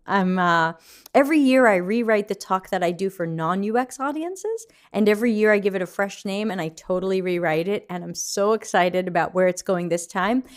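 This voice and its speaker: Still waking up and yawning, this livestream host speaks at medium pitch and a moderate pace. She's a middle-aged woman running a relaxed Q&A, reading out viewer comments and chatting loosely.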